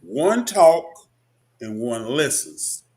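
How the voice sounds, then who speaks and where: An older man in his sixties hosting a talk show, his somewhat high voice swinging widely in pitch. He speaks emphatically and keeps checking in with his listeners. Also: very animated, very slow, a little mellow. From Kinston, North Carolina. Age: 60s. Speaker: host. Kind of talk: casual discussion.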